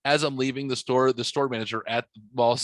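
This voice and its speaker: A man's voice: medium pitch, fairly even intonation, a little fast, no room sound. Profane man telling a rambling story. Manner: profane, rambling, acts out dialogue in his stories. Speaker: podcast host. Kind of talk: casual storytelling chat.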